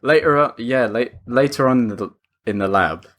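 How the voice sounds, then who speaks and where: A man's voice: medium pitch, normal speed, a bit bright. A man co-hosting a podcast who recaps film scenes in loose casual chat and often chimes in with agreement. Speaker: podcast co-host.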